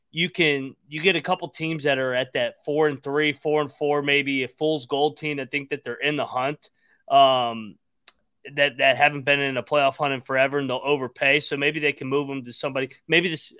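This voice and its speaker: Guy co-hosting a sports pod, bright clean voice, teasing the others. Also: medium pitch, steady tone, smooth, no echo. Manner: teasing, quick opinions. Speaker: podcast co-host. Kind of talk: casual sports betting chat.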